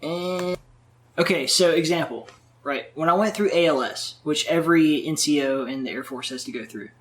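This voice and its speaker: Animated, profane man telling stories. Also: fairly high pitch, normal speed. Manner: profane, animated storyteller, many fillers. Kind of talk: casual chat.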